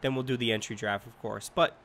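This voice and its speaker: Young male gamer, mid-pitched, casual rambling play-by-play with lots of fillers. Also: steady tone, quick pace, a bit bright. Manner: rambling, repeats himself, frequent fillers. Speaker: gaming commentator. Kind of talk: casual let's-play commentary.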